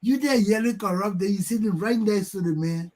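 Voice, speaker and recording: A man with a Liberian English accent hosting a talk show, ranting heatedly and mimicking people's repeated yelling. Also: sits high, fairly quick.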